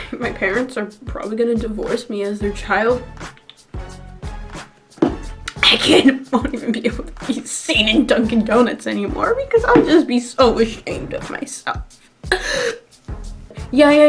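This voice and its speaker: Rambling, self-mocking young woman vlogger. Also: a little high. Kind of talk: casual vlog chat.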